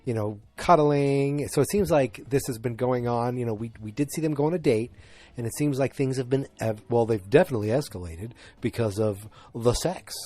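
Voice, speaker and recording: A man's voice: mid-range voice, moderate pace, mellow, dry recording. A man from north of Boston with a slight Boston accent, recapping a TV episode in a casual, rambling way with jokey asides. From north of Boston, Massachusetts. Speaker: podcast host.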